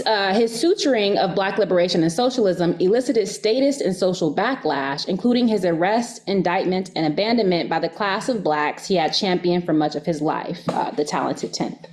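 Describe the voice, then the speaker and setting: American woman, lower voice, academic lecturer, earnest with light laughs. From United States. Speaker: guest lecturer.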